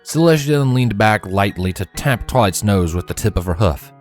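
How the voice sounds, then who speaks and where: A man reading a story aloud in an expressive storybook narration style. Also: on the low side, moderate pace, faint music behind. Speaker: fanfiction reader.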